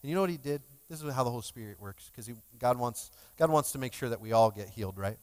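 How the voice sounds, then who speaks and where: A man's voice: medium pitch, lively intonation, fast talker, darkish tone, clean tone. A male pastor giving a sermon in a conversational, emotional way, joking with his congregation. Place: church sanctuary. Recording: long hall reverb.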